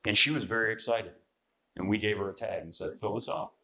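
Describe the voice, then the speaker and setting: A man's voice: on the low side, a little fast, bright, forceful tone. A man, a magazine editor, giving a live seminar talk to an audience, chatty and often checking in with "right?". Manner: conversational, frequent "right?" to the audience, clears throat. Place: convention seminar room.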